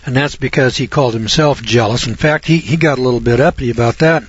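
Husky guy preaching scripture real folksy, rambly, dull lo-fi sound. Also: mid-range voice, fast talker, few pauses. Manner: rambling, folksy, chuckling asides, self-deprecating. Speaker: Bible teacher. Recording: dull dry lo-fi recording.

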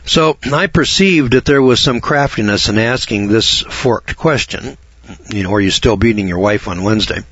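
An older man from Idaho telling a story, rambling and halting at first, then reading slowly and deliberately from notes. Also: fairly low pitch, a bit bright, dry recording, lo-fi sound. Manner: rambling, halting restarts, slow deliberate emphasis. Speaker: speaker telling a personal story.

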